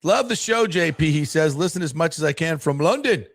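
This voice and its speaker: A man hosting a sports talk show, rambling through casual chat. His voice has a gravelly edge and sounds close and dry in the studio. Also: a little high, animated, fairly quick, no echo. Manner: rambling, chatty, frequent fillers.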